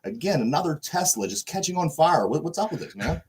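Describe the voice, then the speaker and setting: A man's voice: a little high, sing-song, a little fast, darkish tone, slightly rough. A man from the Pittsburgh area co-hosting a sports podcast, rambling with restarts and casual swearing as he reads the news. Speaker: podcast co-host.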